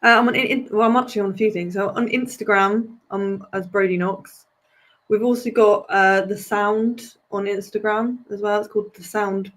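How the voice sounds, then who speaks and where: A woman's voice: mid-range voice, fairly even intonation, moderate pace, a bit bright. A British woman chats as a podcast guest in a mid-range voice. She talks casually and pokes fun at herself. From Britain. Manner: chatty, self-deprecating. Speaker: podcast guest, wrestling manager. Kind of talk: casual chat.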